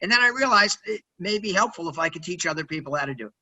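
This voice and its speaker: A quirky man in his sixties talking with big, loud energy as a podcast guest. His voice sits high for a man and rings bright and forceful, and he keeps checking in with "right?". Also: expressive, quick pace, poor audio. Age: 60s. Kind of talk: energetic interview storytelling.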